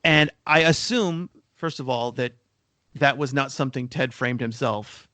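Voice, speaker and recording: A man's voice: medium pitch, unhurried, pushed and bright, dry recording. A man co-hosting a podcast in casual discussion, rambling and restarting sentences, coughing now and then. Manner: rambling, repeats words when starting sentences. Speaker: podcast co-host.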